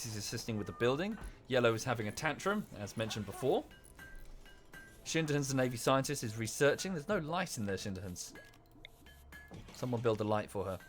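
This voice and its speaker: Speaking into a desk microphone, a man with a medium-pitched, fairly bright voice streams a colony-building game. He chats casually with viewers and the on-screen characters, correcting himself as he goes.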